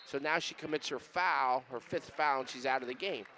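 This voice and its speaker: A man's voice: medium pitch, brisk, bright, forceful tone, a faint crowd, a little hiss or hum. A man who coached before, giving color commentary on a basketball game in an emphatic, teaching way and repeating his key points.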